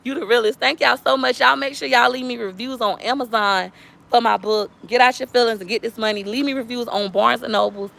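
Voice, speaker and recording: A woman's voice: fairly high pitch, fairly even intonation, brisk, vocal fry, fairly bright tone. A woman speaking straight to viewers in a casual, preachy livestream chat. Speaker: livestream vlogger.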